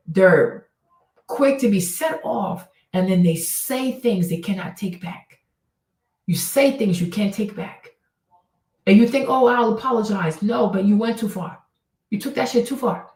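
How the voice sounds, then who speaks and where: A woman's voice: mid-range voice, a little mellow. Blunt woman host with a roomy, distant sound. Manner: blunt and emphatic, repeating points, swears freely. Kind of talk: casual advice monologue.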